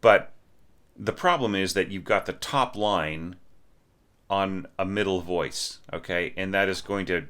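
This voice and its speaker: Deep-voiced man critiquing a score. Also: unhurried, fairly bright tone. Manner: sings phrases to illustrate, thinks aloud with restarts. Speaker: orchestration teacher.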